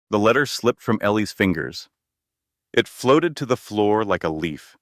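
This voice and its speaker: A man narrating a scripted drama story in a steady, dramatic storytelling manner. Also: on the low side, unhurried, no echo, studio quality.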